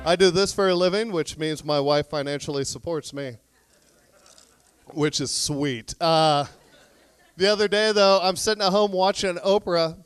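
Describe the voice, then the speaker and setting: A man doing a stand-up comedy set on a club stage, telling deadpan stories and acting out both sides of conversations. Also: fairly high pitch, normal speed, clear, resonant tone, no echo, soft background music.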